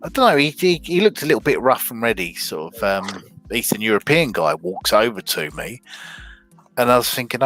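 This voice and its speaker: A man's voice: mid-range voice, big pitch swings, brisk, a bit bright, faint music behind. A middle-aged man, chatting casually as a co-host, rambling with many restarts and fillers. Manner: rambling, lots of restarts and ums. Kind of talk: casual chat.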